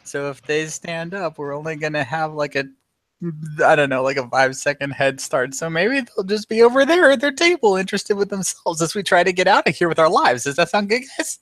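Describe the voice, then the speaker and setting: Animated man narrating his game character. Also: a little high, a little fast, no echo. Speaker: player. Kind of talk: tabletop role-play narration.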